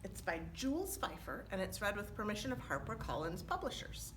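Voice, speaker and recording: A woman reading a story aloud to children as a librarian, animated, often pausing to ask them questions. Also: mid-range voice, background noise.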